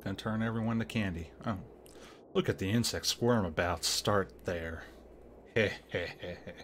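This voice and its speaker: A man's voice: on the low side, normal speed, a bit bright, slight background noise, close to an everyday voice. A man voicing a hungry, greedy evil genie with a growling, gloating manner while playing a game on a livestream.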